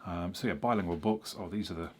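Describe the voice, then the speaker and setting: A man's voice: low voice, fast talker, slight background noise. A man chatting casually about learning a language, rambling and correcting himself with frequent ums. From England. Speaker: vlogger. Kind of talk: casual explanatory chat.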